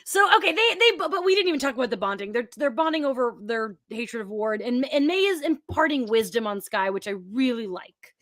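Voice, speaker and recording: A chatty woman with a high, light voice, recapping a TV episode with a lot of enthusiasm and frequent laughs. Her voice sounds close and dry, with little room sound. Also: animated, brisk, hardly any pauses, a bit bright, no echo. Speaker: podcast co-host. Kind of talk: casual chat recapping a TV episode. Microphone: remote call mic.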